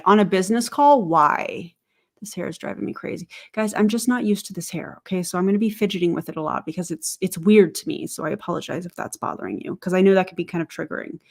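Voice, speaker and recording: A woman with a fairly low voice reacts to video clips in a sarcastic, chatty way, breaking in with quick laughs and teasing remarks. She talks as if to her viewers at home. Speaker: commentary host. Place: home, family heard in the background.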